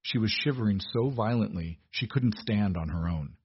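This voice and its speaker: Low husky guy reading a romance story, steady and measured, dull dry sound. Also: no echo. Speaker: narrator. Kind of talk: scripted romance narration.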